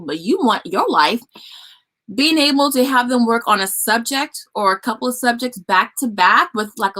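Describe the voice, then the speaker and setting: A woman's voice: a little high, fairly bright tone. A woman hosting a casual live stream, giving homeschooling advice and talking to viewers as y'all. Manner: chatty, addresses viewers as y'all.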